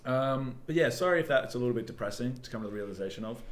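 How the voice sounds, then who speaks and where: A man's voice: medium pitch, expressive, very fast. A young man, co-hosting a podcast in casual, jokey, rambling chat. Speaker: podcast co-host.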